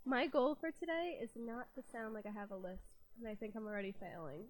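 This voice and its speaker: A woman's voice: on the high side, brisk, a little hiss or hum. A young woman co-hosting a casual podcast chat while sick, talking freely and laughing often. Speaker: co-host.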